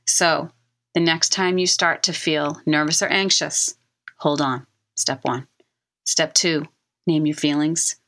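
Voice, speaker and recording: Middle-aged woman doing a self-help podcast, kinda low voice, earnest coachy tone, repeats stuff for emphasis. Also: steady tone, slow, fairly bright tone. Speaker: podcast host and author.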